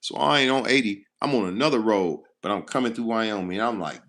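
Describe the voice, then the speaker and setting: A man's voice: lowish voice, a little fast, few pauses, fairly bright tone. A man who drives trucks for a living, talking casually to his viewers with blunt, heavily profane storytelling. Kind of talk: casual straight-to-camera talk.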